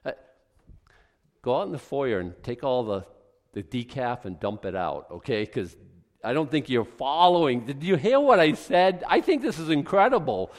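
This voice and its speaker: Animated preaching pastor in a reverberant church. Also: male voice, mid-range voice, normal speed. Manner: animated, conversational preaching with sarcastic asides. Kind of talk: expository sermon. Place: church sanctuary.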